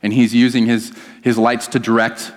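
A man's voice: mid-range voice, normal speed. Pastor guy preaching, telling stories, jokes at himself, long echo off the church walls. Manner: storytelling, animated, self-deprecating. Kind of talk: sermon. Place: church hall. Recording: reverberant church hall.

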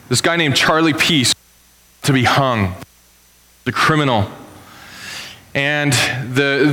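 A male pastor giving a conversational sermon, telling stories and sometimes jumping up sharply in pitch. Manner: conversational storytelling, animated with sudden pitch jumps. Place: church. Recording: long reverb of a church hall.

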